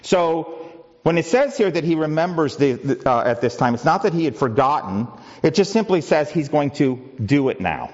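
A man's voice: a little high, expressive, normal speed, darkish tone, highs cut off. A pastor preaching a conversational sermon, asking the congregation rhetorical questions and often restarting his sentences. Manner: frequent restarts and filler words.

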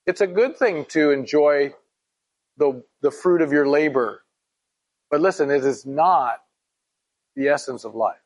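A man's voice: fairly high pitch, a little slow, long pauses. A man teaching a Bible study in a conversational way, reading scripture aloud and asking his listeners questions.

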